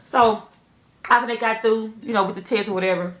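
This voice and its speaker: A woman telling a story candidly to camera, animated and profane, speaking straight to her viewers. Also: on the high side, brisk, roomy sound. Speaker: nail technician vlogger.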